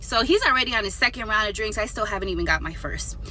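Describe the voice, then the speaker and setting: Bright-voiced woman telling a blunt story. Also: medium pitch, fast, a little hiss or hum. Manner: blunt and profane; animated retelling. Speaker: storytime vlogger. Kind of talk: casual storytelling.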